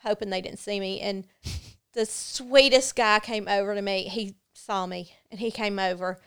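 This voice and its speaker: A woman speaks as a podcast guest with a strikingly clean, clear voice at an ordinary pitch. She tells her story earnestly and candidly, pausing on fillers as she goes. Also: steady tone, fairly bright tone. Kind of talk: personal storytelling in a podcast interview.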